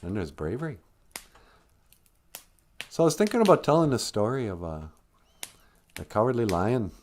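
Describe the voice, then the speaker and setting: A blunt, sarcastic man hosting a comedy live stream. His talk is lively and full of swings in pitch, and he rants at ease. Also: normal speed. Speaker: show host.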